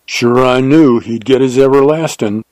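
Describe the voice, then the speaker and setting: A man voicing a gruff, hard-faced older hunter who talks in a folksy drawl, panting. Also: medium pitch, normal speed, darkish tone, dry recording, lightly acted. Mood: alarmed, gruff.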